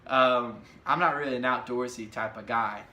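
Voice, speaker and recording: A man's voice: mid-range voice, normal speed, bright, forceful tone. A young man in his twenties chatting casually through viewer questions in a rambling way with many fillers. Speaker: vlogger. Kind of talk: casual question-and-answer chat. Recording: echoey room.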